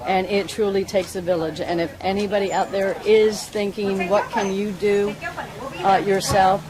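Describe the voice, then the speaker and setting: A woman volunteer giving a heartfelt, halting speech at a public event. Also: on the low side, poor audio. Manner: earnest, halting, emotional. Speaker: volunteer fundraiser. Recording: crowd noise behind.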